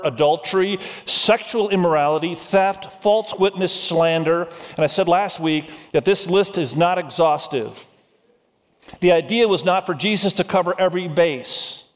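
A middle-aged male pastor giving a sermon, telling a humorous story and asking the congregation questions. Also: fairly high pitch. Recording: reverberant hall sound.

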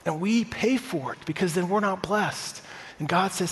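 Speaking at a normal speed, a man with a high-sitting voice and lively intonation gives a sermon in a church sanctuary. He's a pastor in his thirties, and his talk to the congregation is upbeat and conversational, full of personal stories. Reverb from the church hall colors the audio.

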